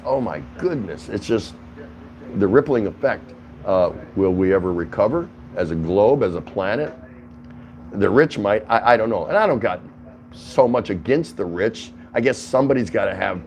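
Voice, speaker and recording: A man with a fairly low voice chats casually with his livestream audience from home. He greets viewers by name, reacts to their comments and laughs easily as he talks. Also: darkish tone, slight background noise, rough recording. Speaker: livestream host.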